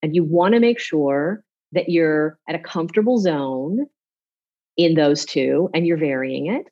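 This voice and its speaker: Animated woman coach, dull lo-fi sound. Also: low-pitched, unhurried. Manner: animated, demonstrating with her voice. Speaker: public speaking coach as a guest. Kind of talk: off-the-cuff interview talk.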